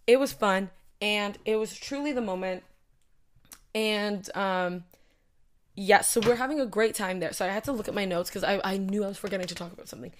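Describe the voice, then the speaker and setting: A young woman talks straight to her viewers in a loose, rambling storytelling chat. She piles on filler words and side comments as she goes, at an ordinary mid pitch. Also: a little fast. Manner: rambling, animated, lots of "like" and asides. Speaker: host.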